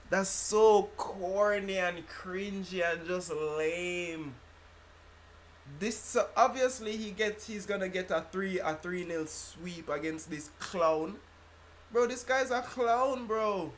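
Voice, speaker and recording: A man with a London accent talks loosely over a live stream, reacting to a rap battle with slang, laughs and repeated jabs. His voice sits a little high for a man. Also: fairly bright tone.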